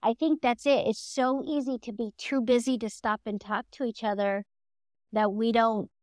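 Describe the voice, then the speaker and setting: Middle-aged woman, podcast co-host, lively chatty delivery, slightly high voice, dry close sound. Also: normal speed, no echo. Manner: animated, acts out quoted voices, laughs often. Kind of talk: casual chat.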